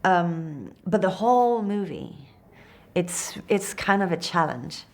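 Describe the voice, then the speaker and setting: French actress in an interview, low voice, unhurried and hesitant, searching for her English words. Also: big pitch swings, creaky, a little mellow. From France. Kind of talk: interview answers.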